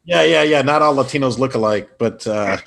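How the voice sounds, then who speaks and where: A man from Illinois, an improv comedian, telling lively anecdotes as a podcast guest and acting out the people he quotes. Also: mid-range voice, a little fast, vocal fry. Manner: animated anecdotes with put-on quoted voices. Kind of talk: casual storytelling interview.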